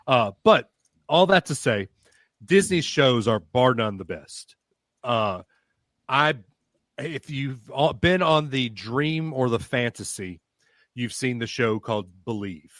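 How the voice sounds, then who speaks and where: A man co-hosting a podcast, telling a long story in casual chat with an animated, rambling manner. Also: medium pitch, slow pace, no echo. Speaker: podcast co-host.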